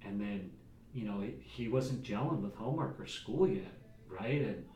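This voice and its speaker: A man's voice: lowish voice, lively intonation, normal speed, a little mellow. A man talking candidly as a podcast guest in a rambling way, often adding "like" and "right?". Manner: rambling, fills speech with "like" and "right?". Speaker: guest, entrepreneur and father. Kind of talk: candid casual conversation. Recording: echoey room, distant mic, faint noise.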